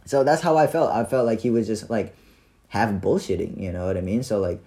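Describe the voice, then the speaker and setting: A young man casually telling a story about his day, animated and profane, full of slang and fillers. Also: fairly low pitch, brisk.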